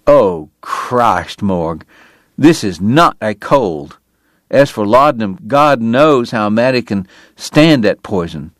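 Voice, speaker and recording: Bitter consumptive dentist, read by a man, low voice, slow precise delivery. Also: lively intonation, dry recording. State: coughing illness, strained breath. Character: bitter consumptive male dentist, sardonic, weary.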